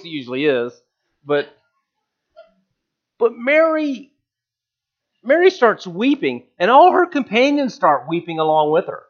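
A male preacher giving a relaxed, conversational sermon with self-deprecating humor. His fairly high voice swings widely in pitch. The recording sounds dull and lo-fi.

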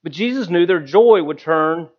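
Lively, chatty male preacher. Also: on the high side, normal speed, muffled recording. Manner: conversational, self-deprecating storytelling. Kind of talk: sermon.

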